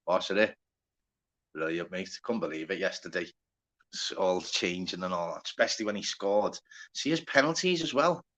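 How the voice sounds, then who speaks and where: A man's voice: low voice, moderate pace, a bit bright, muffled recording. A man with a Liverpool accent hosting a casual live stream, chatty and sweary, greeting viewers by name. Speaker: livestream host.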